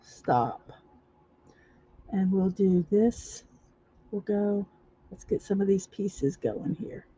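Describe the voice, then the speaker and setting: A woman hosting a casual livestream, talking viewers through a building-block project step by step, halting often with fillers and restarts. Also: medium pitch, level tone, mellow, breathy edge. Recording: dull lo-fi recording.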